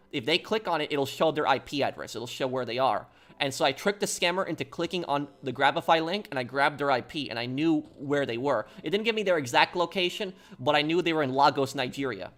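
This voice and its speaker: Casual young male streamer, slightly high voice, talks in loose run-on stories. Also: a bit bright. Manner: rambling, many fillers and restarts. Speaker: game streamer.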